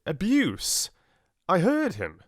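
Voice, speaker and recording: A man's voice: sits high, wildly swooping pitch, slow pace, no echo, clean studio sound, voice pushed up, full character voice. A man voicing an urgent, protective young prince. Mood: confused. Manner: urgent, forceful. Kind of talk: audiobook character voice.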